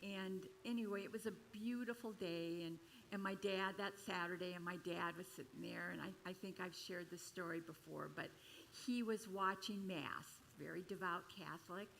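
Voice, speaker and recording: An older woman minister telling a personal story in a chatty, expressive sermon at a church service. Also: moderate pace, gravelly, slight background noise, poor audio. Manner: chatty and expressive, with sudden jumps in pitch and loudness.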